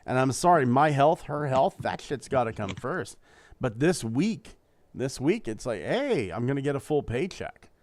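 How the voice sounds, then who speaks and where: A man's voice: mid-range voice, big pitch swings, moderate pace, a little mellow, slight background noise. A middle-aged man co-hosting a podcast, rambling in casual chat, swearing freely and telling crude jokes. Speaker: podcast co-host.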